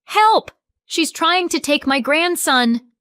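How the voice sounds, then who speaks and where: A woman voicing a frantic older grandmother shouting for help. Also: high voice, lively intonation, slow, dry recording, clean studio sound, voice pushed up, full character voice.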